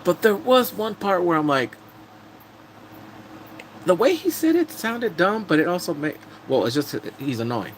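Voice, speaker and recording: A man casually recapping TV drama episodes on a live stream, telling it with animated energy and acting out characters' lines. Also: sits high, a little slow, long pauses, slight background noise, poor audio.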